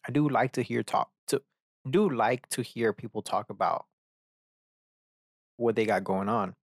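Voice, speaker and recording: A man's voice: mid-range voice, measured pace, gravelly, long pauses, no room sound, clean studio sound. A man hosting a solo podcast, rambling, swearing freely and breaking off to mock himself. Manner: rambling and profane, self-mocking asides. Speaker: podcast host.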